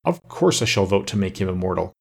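Confident fairy-tale nymph queen; a man reads her, husky. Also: sits low, sing-song, quick pace, a little mellow, full character voice. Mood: assured. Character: warm wood-nymph queen, female.

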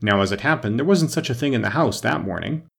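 A fretful, muddled storybook queen who dithers and rambles in a high, fluttering voice, as a man reading aloud puts her on. Her pitch wanders widely, with a slightly husky texture. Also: animated, quick pace, a bit bright, full character voice. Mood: anxious.

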